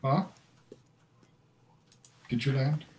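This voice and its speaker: A man narrating as dungeon master in a tabletop game, animated and laughing often. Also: medium pitch, very slow, slight background noise.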